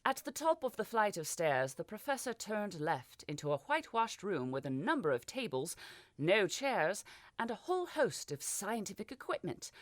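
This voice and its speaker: A woman's voice: medium pitch, no echo, studio quality. A woman reading a fantasy audiobook as narrator, giving the characters small voice shifts. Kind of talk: scripted narration.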